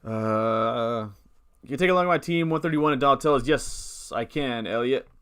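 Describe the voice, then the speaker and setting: His voice sits in the mid-range, smooth and a bit bright, at a moderate pace. He's a young live streamer hiccuping his way through a rambling, upbeat chat about fantasy football teams, musing aloud and reading messages from chat.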